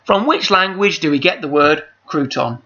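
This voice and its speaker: A man's voice: a little high, expressive, moderate pace, sharp tone. A man hosting a charity quiz over a video call, chatty and rambling, reading out each question twice. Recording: dull lo-fi call audio.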